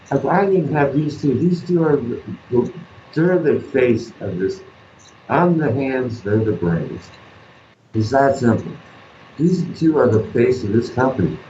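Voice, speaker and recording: A man's voice: mid-range voice, darkish tone, a little hiss or hum. A man, an artist guest in an interview, telling stories in an earnest, rambling way. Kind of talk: casual interview talk. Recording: roomy, dull lo-fi sound.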